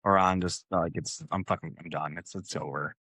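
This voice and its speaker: A man with a Cape Breton accent co-hosting a fitness podcast, swearing constantly as he tells animated stories in casual chat. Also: sits low, normal speed, no echo, studio quality. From Canada, Cape Breton. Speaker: fitness coach, podcast co-host.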